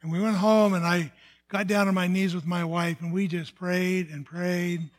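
An older male pastor with a notably high-pitched voice shares a personal testimony. He tells the story earnestly, with halting restarts and fillers, in a plain sermon style. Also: little pitch movement.

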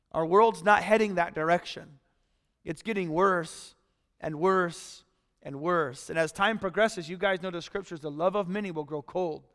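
A pastor preaching a sermon in a conversational way, retelling a story and acting out the voices of the people in it. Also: male voice, a little high, fairly bright tone, long reverb tail.

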